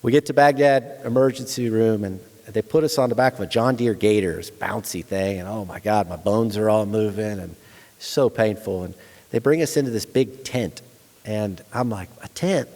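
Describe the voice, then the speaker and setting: A middle-aged retired Army staff sergeant, appearing as a guest lecturer, recounts his own war story frankly and conversationally with blunt soldier humor. His lowish voice is a little mellow at a moderate pace, and it rings with the long reverb of a big hall.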